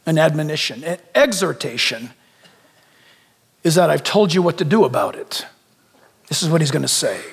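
High-voiced preacher in a reverberant hall. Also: male voice, expressive, normal speed, creaky, long pauses, husky. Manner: emphatic, repeats phrases, rhetorical questions. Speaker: pastor. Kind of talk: sermon.

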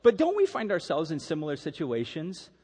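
A middle-aged male pastor delivers a sermon with a lively, swooping delivery, sitting a touch above a typical man's pitch. He tells stories animatedly, acting out the people in them. His voice trails off into the long reverb of a church hall. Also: a little fast, husky. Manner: animated storytelling, acting out quotes.

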